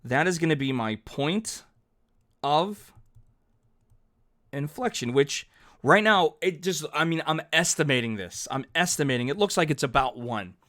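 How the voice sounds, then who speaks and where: Man, math teacher, fairly high voice, upbeat, thinking aloud, narrating a whiteboard lesson. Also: expressive, unhurried, sharp tone. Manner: chatty and upbeat, talking through each step as he writes; self-correcting, thinking aloud.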